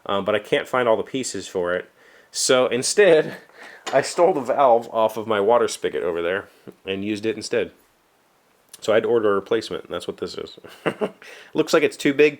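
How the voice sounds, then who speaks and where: A lower-voiced man with a West Virginian accent talking casually to camera from his home workshop. He rambles, restarts his sentences and pokes fun at himself as he goes. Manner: rambling, self-deprecating, with frequent fillers and restarts. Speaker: vlogger, show host. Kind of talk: casual solo chat.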